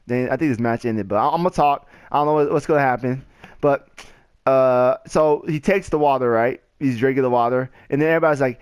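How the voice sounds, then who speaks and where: A man's voice: medium pitch, smooth, dry recording. A young man casually telling a rambling story over gameplay, acting out the people in it. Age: young adult. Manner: rambling, animated retelling with quoted voices. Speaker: gaming channel host.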